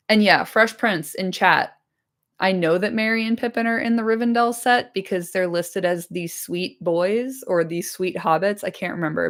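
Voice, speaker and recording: A woman streamer chatting casually to her live audience after a reading, enthusiastic and swearing freely, her voice slightly hoarse. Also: lowish voice. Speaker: streamer reading a book aloud.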